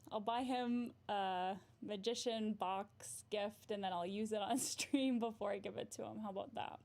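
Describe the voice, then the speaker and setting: Bubbly, giggly woman with vocal fry. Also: mid-range voice, steady tone, moderate pace, darkish tone. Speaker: therapist and livestream host. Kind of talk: casual livestream chat, reading comments.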